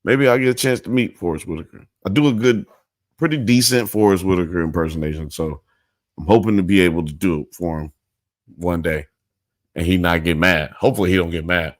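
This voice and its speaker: Laid-back, slangy man with a low voice. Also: a little fast, dry recording, clean studio sound. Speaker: podcast host. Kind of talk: casual live-show chat.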